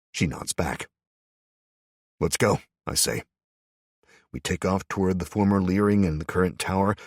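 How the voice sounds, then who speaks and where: A man's voice: low-pitched, breathy edge, no room sound, clean studio sound. A man narrating a first-person audiobook in a tense, wry manner.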